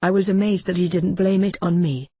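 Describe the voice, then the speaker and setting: A man's voice: sits high, fairly even intonation, a little fast, slightly rough, no echo, highs cut off. A man reading his own memoir as audiobook narration, in a brash, mocking and combative rant. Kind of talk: audiobook narration in a ranting radio voice.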